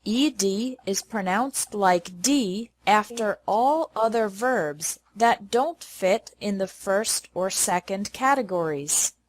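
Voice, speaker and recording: A woman teaching English pronunciation, saying model words slowly and deliberately. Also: medium pitch. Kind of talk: pronunciation lesson.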